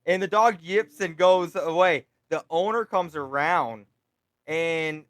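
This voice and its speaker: A man co-hosting a casual podcast chat, retelling stories with lively acted quotes; he works as a delivery driver. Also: a little high, slow, no room sound. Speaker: podcast co-host.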